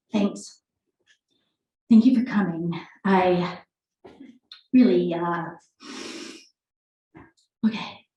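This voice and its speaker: A woman reading the part of a weary, tearful mother, halting and apologetic, in an echoey room at a live reading. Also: medium pitch, a little mellow, recorded from a distance, muffled recording. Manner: halting, apologetic, breathy sighs. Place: live reading event indoors.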